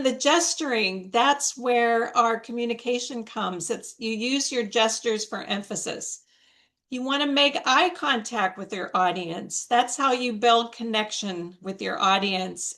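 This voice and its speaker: Slow, deliberate woman giving a motivational talk. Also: fairly high pitch, a bit bright. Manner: slow, deliberate, emphatic delivery. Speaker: featured speaker, coach. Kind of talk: motivational talk on public speaking. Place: online video meeting. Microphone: video call.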